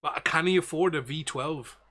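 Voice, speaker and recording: A man voicing a gruff, worried male ship captain with a rough put-on Belfast accent in a tabletop game. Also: fairly high pitch, normal speed, bright, forceful tone. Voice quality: rough, self-admitted poor accent.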